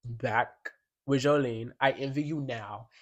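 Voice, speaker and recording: A man's voice: mid-range voice, slow, lo-fi sound. A man in a casual album review vlog, talking in a sassy, slangy and emphatic way and now and then reading song lyrics aloud. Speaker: music commentator.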